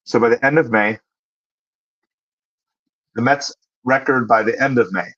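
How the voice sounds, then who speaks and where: The livestream host's voice is medium-pitched, steady and fairly bright, though the audio has its highs cut off. He answers questions from viewers casually, thinking aloud and dropping fillers during pauses while he looks things up.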